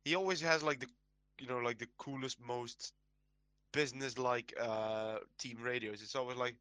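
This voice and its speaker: Bright-voiced man telling stories. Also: medium pitch, fairly even intonation, moderate pace, smooth, no echo. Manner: storytelling, searches for words. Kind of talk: casual chat.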